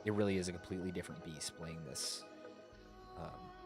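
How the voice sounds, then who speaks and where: A man's voice: sits low, steady tone, a little fast. A man chatting casually while streaming a video game, rambling and hesitant as he talks to his chat. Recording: loud game music behind. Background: game music.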